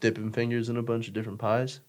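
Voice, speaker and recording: A man's voice: medium pitch, completely flat delivery, fast talker, darkish tone. A young man chatting casually as a podcast guest, rambling with lots of fillers, swearing and joking. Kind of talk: casual chat.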